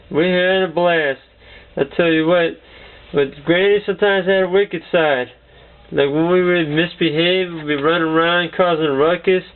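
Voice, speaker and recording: Man, comedian, rambling anecdotes, high voice, tinny lo-fi sound. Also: clean tone. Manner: rambling, repeats "I tell you what". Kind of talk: stand-up storytelling.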